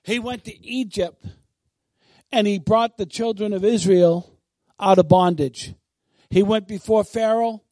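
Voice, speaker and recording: A man's voice: high-pitched, fairly even intonation, unhurried, dry recording. Man preaching with a bold, rising voice. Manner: swings from bold shouted declarations to quiet conversational asides. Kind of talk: sermon.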